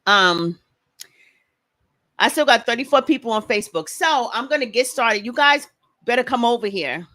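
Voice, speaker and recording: A woman hosting a casual livestream, talking fast and greeting viewers by name. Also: fairly high pitch, expressive, fairly bright tone. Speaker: livestream host.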